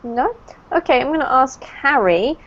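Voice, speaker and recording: A British woman leads an online English lesson, correcting pronunciation slowly and kindly. Her voice sits a little high. The call audio sounds dull and lo-fi. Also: lively intonation. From United Kingdom. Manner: encouraging, explains slowly and clearly. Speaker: English teacher. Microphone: video call.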